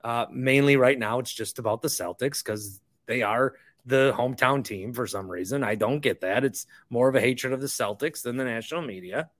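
A man's voice: medium pitch, moderate pace, hardly any pauses, a bit bright. A young man hosting a sports podcast, ranting in a heated, repetitive way in casual talk. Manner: heated, ranting, repeats himself. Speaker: podcast host.

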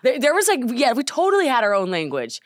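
A woman's voice: high voice, huge pitch swings, fast, no echo, studio quality. A young woman co-hosting a podcast, chatting playfully and laughing often. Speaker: podcast co-host. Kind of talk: casual chat. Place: studio.

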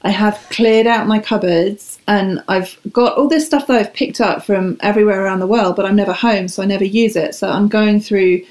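A woman's voice: mid-range voice, steady tone, moderate pace, few pauses, darkish tone. A woman talking as a guest in a casual podcast chat, enthusiastic and self-deprecating.

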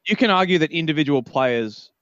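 A man co-hosting a sports podcast, giving quick, blunt opinions in casual chat. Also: fairly high pitch, lively intonation, fairly bright tone, no room sound. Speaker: podcast co-host. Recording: dull lo-fi audio.

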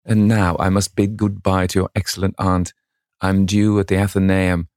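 A man reading the lines of a courteous, formal old gentleman in an audiobook of a classic novel, speaking slowly. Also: sits low, level tone, no room sound, clean studio sound, natural voice.

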